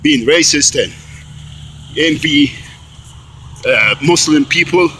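A man's voice: fairly high pitch, takes it slowly, sharp tone, slight background noise, poor audio. A man out of breath, walking a bike uphill outdoors and angrily accusing, with many restarts and repeated words. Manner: accusing, repetitive, stops and restarts often. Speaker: vlogger. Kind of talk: angry recorded monologue.

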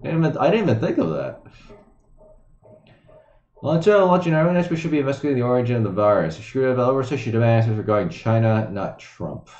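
A man's voice: mid-range voice, lively intonation, fast, darkish tone, echoey room, dull audio. A man hosting a casual commentary show, reading crypto news aloud and ranting about it with sarcasm, swearing and many fillers.

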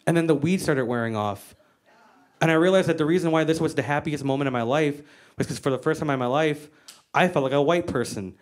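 A woman's voice: low-pitched, fairly quick. Brash profane woman doing stand-up. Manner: brash, profane storytelling with voiced quotes. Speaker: stand-up comedian. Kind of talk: stand-up comedy. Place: stage before a live audience.

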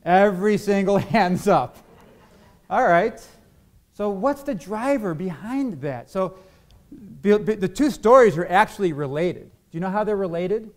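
A man gives a sermon in a church hall and keeps asking his congregation questions. His voice sits a little higher than most men's. He acts out the arguments he quotes. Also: animated, measured pace. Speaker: pastor.

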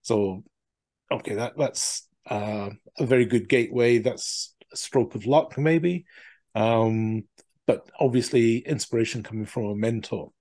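A male host asks his questions in a halting way, often repeating words as he works his way through. His voice is mellow and relaxed, at an ordinary male pitch. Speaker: podcast host. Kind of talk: interview questions.

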